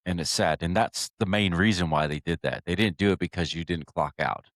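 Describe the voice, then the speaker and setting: A man's voice: deep voice, fairly quick, fairly bright tone, no echo, studio quality. A man hosting a podcast interview, speaking earnestly and sympathetically to his guest. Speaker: podcast host. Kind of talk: interview conversation.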